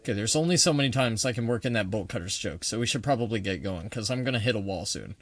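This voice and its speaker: A man's voice: lowish voice, expressive, fast, a bit bright, no echo. A man giving casual, joking let's-play commentary, swearing freely and reading in-game text aloud. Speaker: gaming video creator.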